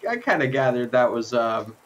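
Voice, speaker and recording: A man's voice: medium pitch, sing-song, a little fast, lo-fi sound. A man playing in a tabletop game, chatting casually and joking, often restarting his sentences. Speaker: player.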